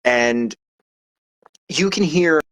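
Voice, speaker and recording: A man's voice: fairly high pitch, expressive, very slow, fairly bright tone, dry recording, rough recording. A man, a poet guest, explaining his craft in casual interview chat, confident and emphatic, often checking in with "right?".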